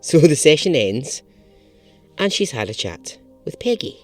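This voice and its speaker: A man's voice: a little high, very animated, unhurried, faint music behind. A man hosting a podcast, telling a true story in a chatty, casual way and swearing now and then for emphasis.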